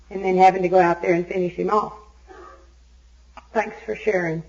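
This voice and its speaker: A woman from Arkansas gives a recovery meeting talk as an Al-Anon speaker, telling her story in an animated, self-mocking way. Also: medium pitch, normal speed. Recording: dull lo-fi tape recording.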